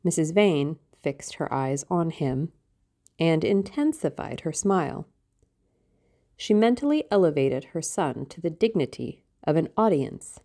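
A woman narrating an audiobook in a measured, steady way. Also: deep voice. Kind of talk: scripted narration.

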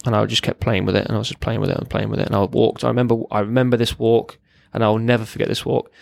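Brief: man, ex-forces guest, gravelly voice, candid halting storytelling, close dry recording. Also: fairly low pitch, flat delivery, darkish tone, no echo. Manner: halting, plain-spoken, frequent restarts. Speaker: podcast guest, former serviceman.

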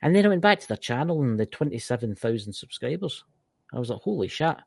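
A man's voice: medium pitch, very animated, quick pace, creaky, darkish tone, slightly rough, no room sound, clean studio sound. A Scottish man co-hosting a podcast, chatting casually in a rambling, joking way. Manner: rambling, swearing, banter. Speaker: podcast co-host. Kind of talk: casual chat.

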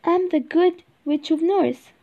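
A woman voicing a gentle good witch in a storybook reading. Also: very high-pitched, takes it slowly, pitched above the performer's own voice, full character voice. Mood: kind. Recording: slightly dull recording.

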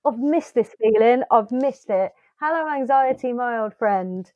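A woman's voice: a little high, lively intonation, a little slow, warm tone, dry recording, lo-fi sound. A British woman co-hosting a casual podcast chat, playful, giggly and jokey. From United Kingdom. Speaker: podcast co-host.

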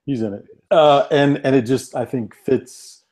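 A man chats casually, making measured, wry comments. His voice is dark and mellow, with a middle pitch. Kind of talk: casual chat.

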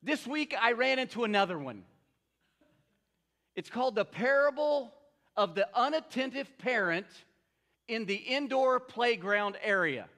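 An older male pastor delivers a sermon in a high-pitched voice. He tells a story and asks his congregation to answer him back. His tone is bright and sharp. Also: lively intonation, unhurried, long pauses.

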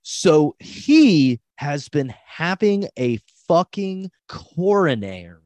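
A man's voice: fairly high pitch, sing-song, slow, darkish tone, dry recording. A young man hosting a podcast in casual chat, rambling and laughing, with crude language. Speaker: podcast host.

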